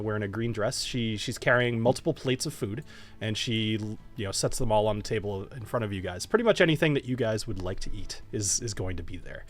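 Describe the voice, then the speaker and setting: Laid-back man narrating as dungeon master. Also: fairly low pitch. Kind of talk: narrating a tabletop game.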